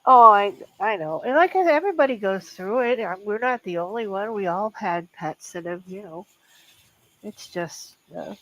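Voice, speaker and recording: An older woman, a guest in a casual chat, talking haltingly with many restarts about a loss. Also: medium pitch, dry recording, low-quality recording.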